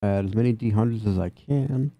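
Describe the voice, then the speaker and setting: A man's voice: fairly low pitch, a little fast, no room sound, muffled recording. A man narrating as game master of a tabletop game in a casual, amused way.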